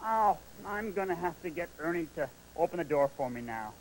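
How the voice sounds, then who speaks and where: A man's voice: on the high side, animated, a little fast, slight background noise, natural voice, low-quality recording. A man voicing Bert, a fussy, easily exasperated male puppet roommate with a nasal, fretful voice in a children's TV puppet sketch. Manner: nasal, fretful, spirals into frantic yelling.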